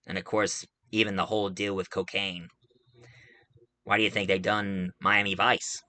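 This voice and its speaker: A man's voice: low voice, flat delivery, normal speed, bright, forceful tone, no echo. A man giving a casual spoken movie review, rambling along with frequent filler sounds.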